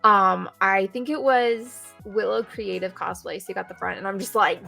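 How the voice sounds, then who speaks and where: A young woman rambles through excited stories in casual chat, giggling often. Her voice carries a gravelly fry. She talks over a video call mic. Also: medium pitch, normal speed, hardly any pauses, soft background music. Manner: bubbly, giggly, rambling storyteller. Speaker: guest streamer and cosplayer.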